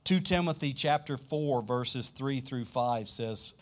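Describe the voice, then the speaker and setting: A man's voice: medium pitch, slow pace, few pauses. A man from South Louisiana with a Southern accent, preaching a sermon with emphatic questions to the congregation. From South Louisiana, United States. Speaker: pastor.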